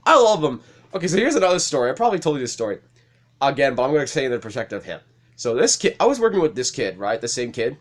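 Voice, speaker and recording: A man's voice: mid-range voice, very animated, fast. A young man hosting a let's play, casually telling rambling stories with lots of swearing and laughter. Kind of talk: casual storytelling over gameplay.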